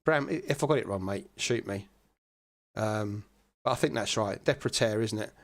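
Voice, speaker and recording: A man giving relaxed, chatty live commentary on an online sim race, with plenty of fillers. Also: on the low side, moderate pace, creaky.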